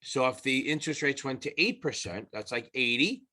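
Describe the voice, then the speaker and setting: A man gives exam students a casual whiteboard lesson, conversational and loose, with restarts and an occasional swear word. His voice is medium-pitched, animated, pushed and bright, at a normal speed.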